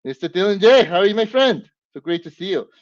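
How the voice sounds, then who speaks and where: A man hosting a live stream, whooping and greeting viewers by name with lots of excitement. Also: sits high, quick pace, no echo. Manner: hyped, whooping, warm greetings to chat. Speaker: livestream host. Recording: dull lo-fi stream audio.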